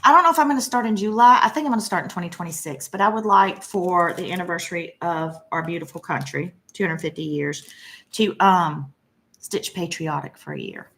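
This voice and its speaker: Woman, middle-aged, casual gushing chat, somewhat low pitch. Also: brisk, gravelly, fairly bright tone. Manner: chatty and gushing, many fillers. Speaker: flosstube host. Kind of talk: casual chat showing cross-stitch purchases.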